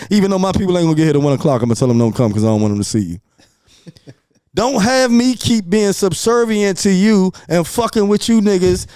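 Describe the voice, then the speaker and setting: Podcast guest, male, brash and profane, mellow tone but clear and crisp, dry sound. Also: high-pitched, dry recording. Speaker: podcast guest, music promoter. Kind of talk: casual podcast chat.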